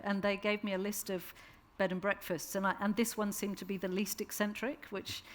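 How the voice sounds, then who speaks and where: A woman author on stage in a live conversation, telling lively anecdotes with frequent laughter and acted-out quotes. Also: medium pitch, fairly quick, few pauses. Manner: animated, laughing storyteller who acts out quotes. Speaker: author and interview guest.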